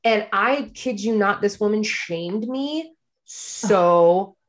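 A woman's voice: medium pitch, takes it slowly. A young adult woman in casual conversation, telling a personal story and acting out the people in it. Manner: animated storyteller, acts out quoted people.

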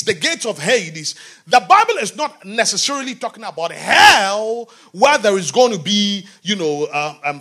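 Male preacher, lively sermon delivery with wide pitch swings, moving from shouted lines to quiet ones. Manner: often asks the congregation questions.

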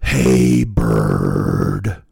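Deep, drawling old politician, ponderous and heavy-lidded, a man doing the impression. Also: huge pitch swings, gravelly, warm tone, slightly rough, dry recording, clean studio sound, full character voice. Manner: drawn-out, deliberate speech. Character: slow, deliberate, heavy-lidded older male politician.

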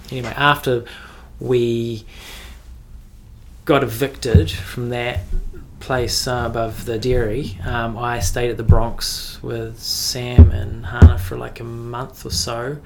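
A young man with a New Zealand accent spins loose, rambling anecdotes in casual conversation. His voice sits mid-range with a gravelly, creaky texture. He fills gaps with "like" and "um" as he goes. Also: mid-range voice. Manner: rambling storytelling with frequent "like" and laughs. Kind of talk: casual chat.

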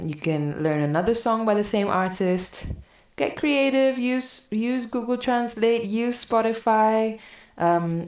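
A woman runs an online French lesson, reading song lines aloud and then translating each one. Her voice sits low for a woman, and her pace is easygoing, with frequent ums. The recording has an echoey room sound. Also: recorded from a distance. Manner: relaxed explaining with fillers, reads lyrics then translates. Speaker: French language teacher.

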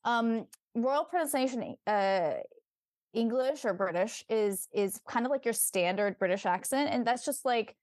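Chatty young actress, dry close sound. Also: female voice, on the high side, expressive, measured pace, darkish tone, dry recording. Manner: chatty, upbeat, frequent fillers and restarts. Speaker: actress, podcast guest. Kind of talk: casual interview chat.

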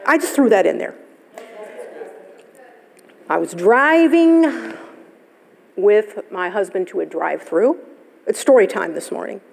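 Gravelly-voiced woman pastor preaching. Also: mid-range voice, a little mellow. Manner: storytelling, conversational, laughs often. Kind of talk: sermon. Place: church sanctuary. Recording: live church service, long hall reverb.

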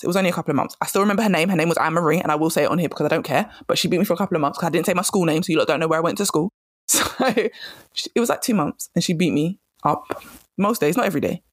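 A woman's voice: low-pitched, husky, dry recording, studio quality. A woman hosting a solo podcast on career change, telling a personal story in a candid, emphatic way and repeating herself for stress.

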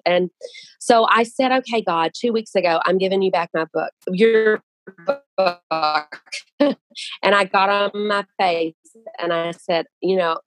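Her voice fairly low in pitch, a woman guest shares her experience of writing and releasing her book in casual, earnest, animated storytelling with many restarts. The recording is low-quality, with no room sound.

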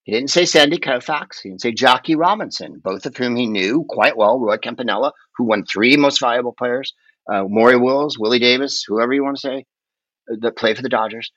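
A podcast guest in casual chat, he rambles from one story to the next with animated, profane energy. His voice sits at an ordinary middle pitch. The recording is dry and a little dull and lo-fi. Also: brisk, no room sound.

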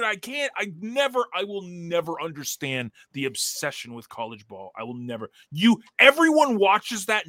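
A man's voice: high voice, pushed and bright, no echo. A man co-hosting a sports podcast, ranting in an exasperated way. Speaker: podcast co-host. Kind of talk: casual sports chat.

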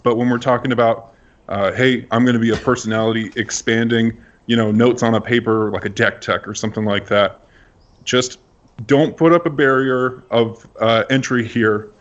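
Male guest creator, relaxed and candid in panel chat, dull lo-fi audio. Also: mid-range voice, normal speed.

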